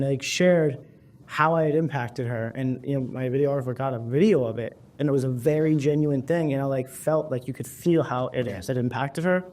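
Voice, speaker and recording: A man's voice: mid-range voice, darkish tone. A young man, a motivational speaker, talking earnestly in an interview and telling personal stories with lots of casual fillers. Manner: earnest, emphatic, storytelling with many "like" fillers. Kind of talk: interview, then stage speech clip.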